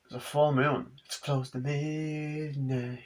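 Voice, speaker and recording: A young man casually rambling through a movie review, excitable and full of swearing. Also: fairly high pitch, takes it slowly.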